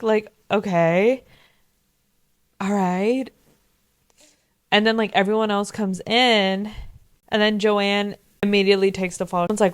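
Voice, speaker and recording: Chatty young woman, crisp dry voice. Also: medium pitch, steady tone, measured pace, pauses often, dry recording. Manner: chatty, filler-heavy, swearing freely. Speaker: vlogger. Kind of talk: casual show recap.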